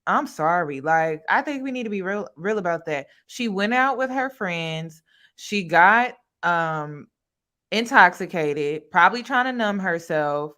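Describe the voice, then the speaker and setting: A woman's voice: fairly low pitch, animated, unhurried, bright, forceful tone. A woman hosting a reaction video, speaking candidly and directly to her viewers. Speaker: commentary host. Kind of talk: reaction commentary.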